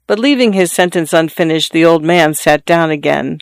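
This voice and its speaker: A narrator reading a classic story aloud in a measured, descriptive way. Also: medium pitch, creaky, clean tone, no room sound. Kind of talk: scripted audiobook narration.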